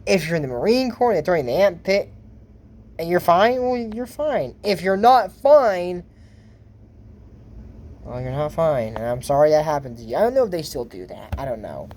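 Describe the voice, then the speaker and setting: A man's voice: on the high side, very animated, moderate pace, darkish tone, slight background noise. A man giving casual, rambling reaction commentary on a cartoon episode for his YouTube channel, laughing at his own jokes.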